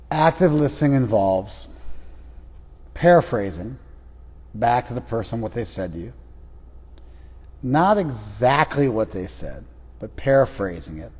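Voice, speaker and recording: A man with a slightly husky voice leads a lively class, teasing his students and acting out little scenes. His voice carries a long reverb from a large room. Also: medium pitch. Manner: teasing, animated, acts out quoted voices. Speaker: spiritual teacher leading a class.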